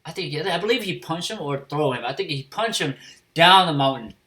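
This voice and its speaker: A man giving a casual spoken review of an anime episode, swearing freely and filling pauses with fillers and restarts. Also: on the high side, lively intonation, pushed and bright.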